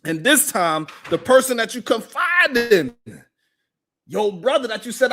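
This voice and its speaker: Animated high-voiced man ranting on a show. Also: measured pace, background noise. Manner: animated, profane, repeats himself for emphasis. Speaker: host. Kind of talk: live-stream talk show commentary.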